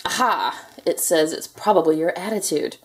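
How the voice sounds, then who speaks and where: A woman's voice: on the low side, normal speed, natural voice. A woman voicing an eager, kind young boy knight in a children's picture book read-aloud.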